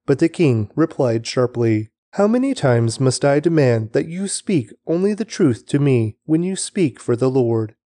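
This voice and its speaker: A man reads scripture aloud in a lively, rising and falling delivery, with a mellow, darker tone to his voice. The sound is dry and close, with no room around it. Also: mid-range voice, no echo. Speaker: Bible reader.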